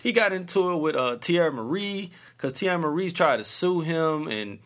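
A man's voice: on the high side, lively intonation, normal speed, fairly bright tone. A man in his early thirties hosting a podcast alone, talking casually in a loose, rambling way full of slang. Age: early 30s; 30s. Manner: laid-back, rambling slang-heavy talk. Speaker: podcast host. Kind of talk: casual solo podcast monologue.

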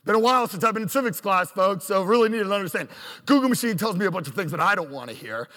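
Lively man in his thirties telling stories. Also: high-pitched, fast, big-room sound. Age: 30s. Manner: animated, self-deprecating, acts out quotes. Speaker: storyteller on stage. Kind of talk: live storytelling.

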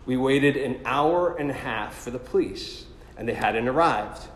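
A man's voice: medium pitch, unhurried, a little hiss or hum. Man telling a faith story in an echoey hall. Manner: animated storytelling, self-deprecating asides. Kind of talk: personal story told as a sermon. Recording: echoey hall with long reverb.

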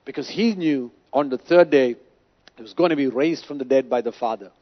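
A man's voice: medium pitch, brisk, highs cut off. A man preaching a sermon with emphasis, asking the congregation rhetorical questions. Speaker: pastor.

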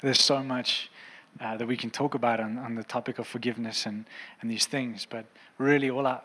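A man's voice: medium pitch, sharp tone, big-room sound, rough recording. A man preaching a sermon as a pastor, earnest and impassioned, in a church auditorium.

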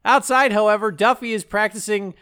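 A man's voice: high-pitched, brisk, clear, resonant tone. A man co-hosting a podcast, recapping a movie in casual, joking chat. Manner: jokey, animated storytelling with silly quoted voices. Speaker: podcast co-host.

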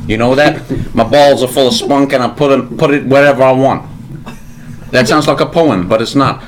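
A man's voice: mid-range voice, moderate pace, a little hiss or hum. A man co-hosting a comedy podcast, rambling and laughing in an improvised bit. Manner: laughing a lot, playing a rambling detective. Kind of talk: improvised comedy role-play.

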